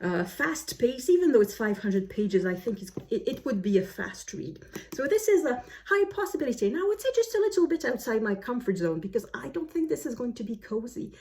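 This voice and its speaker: A woman's voice: on the high side, very animated, fairly quick, mellow. Chatty woman presenting books. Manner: chatty, many fillers and self-corrections. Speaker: book vlogger. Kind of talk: casual book chat to camera. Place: home, snowy day outside.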